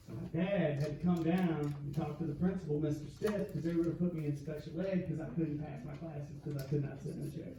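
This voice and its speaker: A middle-aged man from the South, performing a stand-up comedy set with punchy storytelling and quick comic voices. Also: fairly high pitch, distant mic. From American South. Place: comedy club stage. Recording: echoey club with crowd noise, lo-fi. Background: audience laughter.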